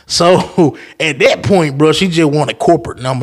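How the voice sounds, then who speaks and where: Profane storytelling podcast host. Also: male voice, on the high side, normal speed, few pauses. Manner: profane, animated storytelling with acted-out quotes. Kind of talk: casual storytelling monologue.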